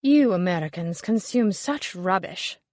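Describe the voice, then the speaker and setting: A woman's voice: fairly low pitch, animated, unhurried, darkish tone, dry recording, studio quality. Woman doing a haughty British snob. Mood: disdainful. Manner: sarcastic, belittling.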